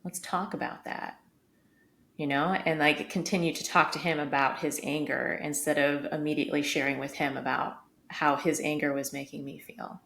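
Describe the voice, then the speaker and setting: A woman's voice: sits low, flat delivery, a little fast, gravelly, few pauses, a bit bright. A woman co-hosting a podcast, telling a personal story in an open, reflective way with lots of casual fillers. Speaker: podcast co-host. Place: home room, vacuum running outside the door. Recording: echoey room, faint background noise.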